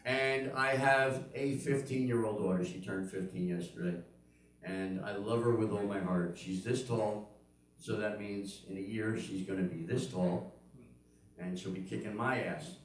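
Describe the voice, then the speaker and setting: An older man works through a stand-up routine with punchy, story-driven delivery, jumping into quick voices for the characters in his stories. His voice booms around a very echoey room. The mic sits some way back from him. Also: distant mic. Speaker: stand-up comedian.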